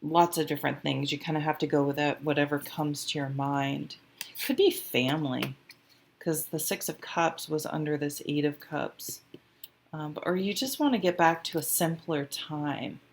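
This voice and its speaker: A woman's voice: deep voice, moderate pace, creaky. A woman giving a casual tarot reading to camera, chatty and rambling, getting emotional at times and swearing freely. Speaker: tarot reader.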